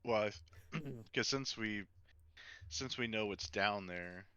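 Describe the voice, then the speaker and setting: A man's voice: lowish voice, slow pace, sharp tone, smooth, no echo, muffled recording. A man playing a tabletop game, hesitant and restarting as he talks it through. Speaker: player. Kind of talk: casual tabletop play.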